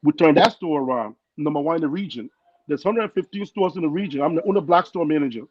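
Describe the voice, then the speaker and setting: A young man with a foreign accent tells his story on a podcast, earnest and animated, acting out the people he quotes. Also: a little high, fast talker, no echo. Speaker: guest. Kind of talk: casual storytelling. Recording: dull lo-fi sound with loud noise.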